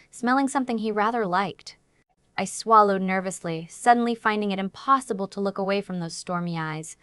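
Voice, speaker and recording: Woman, audiobook narrator, dramatic first-person story reading, even delivery, mid pitch, dry close sound. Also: clean tone, no echo.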